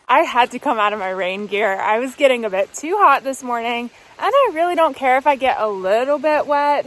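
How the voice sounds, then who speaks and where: A woman's voice: on the high side, fairly bright tone. Chatty upbeat woman hiking outdoors. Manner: chatty, upbeat, laughs easily. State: walking on trail. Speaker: hiking vlogger. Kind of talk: casual chat to camera. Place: outdoors on a mountain hiking trail in the rain.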